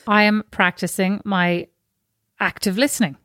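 A woman's voice: mid-range voice, fairly even intonation, unhurried, a bit bright. A woman co-hosting a podcast, chatting in a playful, teasing, argumentative way. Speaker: podcast co-host. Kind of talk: casual podcast chat.

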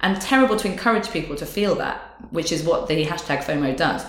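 Low-voiced woman in her 30s, chatty and open, echoey room. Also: expressive. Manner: chatty, candid, quick to laugh. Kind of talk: casual chat. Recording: roomy echo.

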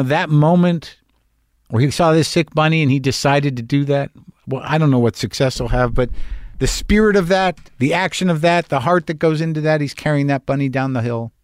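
A man's voice: on the high side, clear, resonant tone, no echo, studio quality. A man hosting a podcast, delivering a rambling, wry, self-deprecating comedic monologue. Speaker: podcast host.

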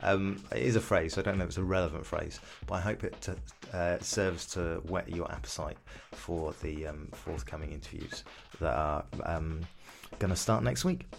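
A man's voice: low voice, moderate pace, creaky, few pauses, slight background noise. A man hosting a podcast, giving a chatty, rambling introduction that keeps correcting itself. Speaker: podcast host.

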